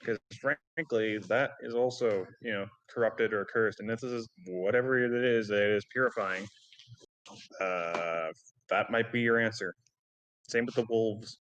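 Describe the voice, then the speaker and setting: A man's voice: on the low side, fairly even intonation, unhurried, fairly bright tone, dull audio. A man playing a tabletop role-playing game who banters in character, blunt and sardonic, lecturing the others. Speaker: player.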